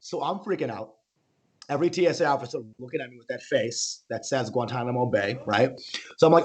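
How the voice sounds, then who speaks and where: A man doing animated, rambling stand-up comedy over a video call, often tossing in "okay?" and "oh my God". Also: mid-range voice, brisk.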